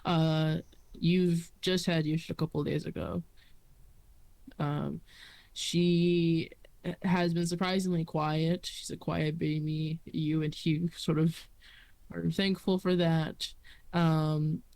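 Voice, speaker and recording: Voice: mid-range voice, level tone, slow pace, creaky, a little mellow. Hesitant game master narrating. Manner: hesitant, lots of fillers and restarts.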